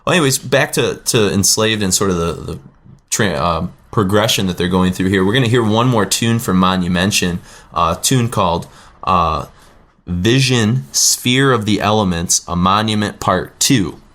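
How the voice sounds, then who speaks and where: Deep-voiced man chatting about music. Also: moderate pace, a bit bright. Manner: rambling, self-correcting, wry asides. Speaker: podcast host; teacher. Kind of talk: casual music chat.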